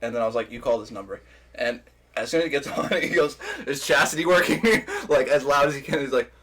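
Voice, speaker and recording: A young man co-hosting a podcast who teases, laughs often and jumps into high mock voices. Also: quick pace, over a noisy crowd. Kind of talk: casual chat.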